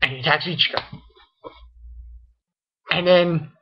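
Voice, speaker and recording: A man's voice: fairly high pitch, measured pace, dull audio, a little hiss or hum. A man hosting his own channel, rambling through a casual review rant and stringing events together with "and then". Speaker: manga reviewer, channel host.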